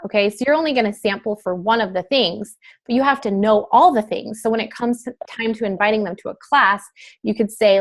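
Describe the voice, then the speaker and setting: A woman teaching a class in a chatty, casual way, with many fillers and quick switches into acted examples. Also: fairly high pitch. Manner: chatty, filler-heavy, breaks into role-play quotes. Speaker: wellness sales trainer. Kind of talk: casual instructional talk.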